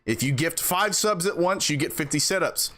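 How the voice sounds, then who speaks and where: A man streaming, chatting casually with his viewers in an animated way and laughing between sentences. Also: fairly high pitch, normal speed. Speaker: game streamer.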